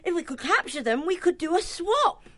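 High, lively, practical otter. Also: female voice, moderate pace. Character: brisk practical female otter. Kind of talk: full-cast audiobook acting.

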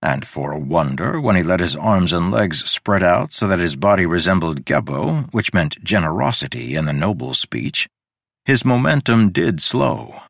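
Man, audiobook narrator, deep voice, lively intonation, close dry sound. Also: normal speed, vocal fry, no echo. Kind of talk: scripted fantasy narration.

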